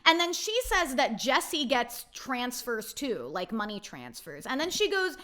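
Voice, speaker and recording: A woman's voice: high-pitched, big pitch swings, unhurried, hardly any pauses, bright, forceful tone. A young woman recapping reality TV in a blunt, opinionated chat, swearing freely and saying "like" often.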